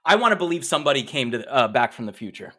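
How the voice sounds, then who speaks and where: A man co-hosting a podcast in casual chat, excitable and gleeful, often hedging his guesses. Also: medium pitch, fast talker. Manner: excitable and gleeful, hedging with "maybe" and "I don't know". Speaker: podcast co-host.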